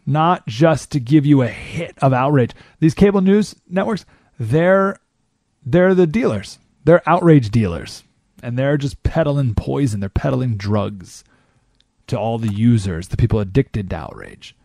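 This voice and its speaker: Animated talk-show man, lively and gravelly. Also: no room sound, clean studio sound. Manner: animated, mocking, mimics people in high voices. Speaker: radio talk show host. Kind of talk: monologue commentary.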